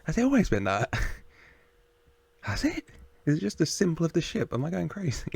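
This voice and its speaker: A man's voice: on the high side, wildly swooping pitch, moderate pace, vocal fry, a little mellow. A man hosting a reaction video, chatting casually, laughing often and talking back to the screen.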